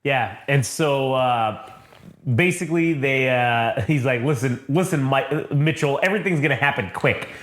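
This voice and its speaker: A man's voice: mid-range voice, normal speed, a bit bright. A man co-hosting a comic book podcast, casually retelling scenes with lots of swearing and acting out the characters' lines in shifting voices. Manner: profane, acts out quoted characters in shifting voices. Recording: roomy echo.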